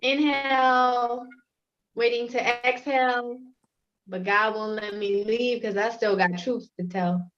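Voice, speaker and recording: A woman performing spoken word poetry over a video call, with a measured, rhythmic delivery. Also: fairly high pitch, steady tone, fairly bright tone. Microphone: video call with choppy connection. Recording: dull lo-fi call audio.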